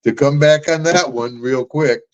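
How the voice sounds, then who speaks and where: A man's voice: fairly high pitch, unhurried, muffled recording. An older man hosting a podcast, rambling through stories with laughs and calling people brother and man. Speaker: podcast host. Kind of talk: casual storytelling chat.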